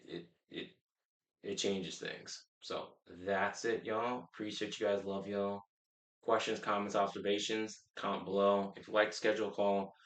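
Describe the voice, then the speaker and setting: A man's voice: fairly low pitch, a bit bright, echoey room. A man working as a life coach, giving a blunt, profane motivational talk to his viewers with lots of restarts and emphatic repetition. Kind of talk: casual motivational talk to camera.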